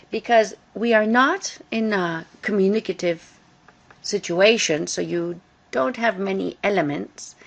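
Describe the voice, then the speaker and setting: A woman teaching English grammar in a recorded lesson, explaining slowly and carefully and repeating key points. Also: mid-range voice, creaky. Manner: slow, careful explaining with repetition.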